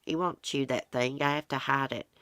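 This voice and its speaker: A folksy, rambling woman with an American country accent chats casually to her livestream viewers. Her voice is bright and forceful, smooth and crisp. It sounds dry and close, with no room around it. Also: rumbling low, steady tone, moderate pace, no echo. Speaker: livestream host. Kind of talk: casual livestream chat answering viewer comments.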